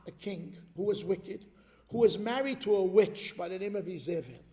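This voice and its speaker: High-pitched rabbi preaching in a reverberant hall. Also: male voice. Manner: animated, rises in intensity when telling stories. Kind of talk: sermon with storytelling.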